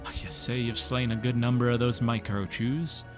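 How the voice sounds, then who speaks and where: A man's voice: medium pitch, level tone, normal speed, over music, lightly acted. A man reading a relieved villager's lines from a game, putting on an accent for fun. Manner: put-on accent, old-fashioned phrasing.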